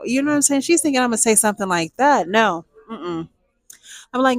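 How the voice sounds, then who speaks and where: A young woman, telling a personal story to viewers in a lively, chatty way. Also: a little high, fairly quick, dry recording. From Texas, USA. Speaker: storytime vlogger.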